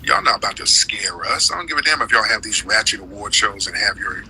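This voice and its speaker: A man hosting a live stream rants through political commentary, heated and slangy, leaning hard on his points. His tone is strikingly bright and cutting. Faint background noise sits under the voice. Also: lowish voice, fairly quick, low-quality recording.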